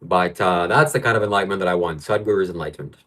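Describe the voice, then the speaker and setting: A man's voice: low-pitched, rapid-fire, pushed and bright. A man hosting a live stream from home, reading out viewer comments and ranting about them in frustration. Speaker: livestream host. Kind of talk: livestream talk.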